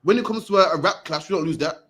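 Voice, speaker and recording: A man preaching to a group, punchy and forceful, ending his lines with "man". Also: on the high side, racing, breathy edge. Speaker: street preacher teaching a group. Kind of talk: impassioned preaching.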